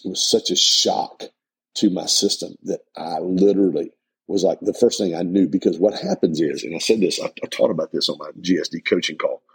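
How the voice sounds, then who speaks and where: A man's voice: sits low, gravelly, breathy edge, poor audio. A middle-aged man hosting a motivational podcast, talking earnestly and emphatically with many restarts. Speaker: life coach and podcast host.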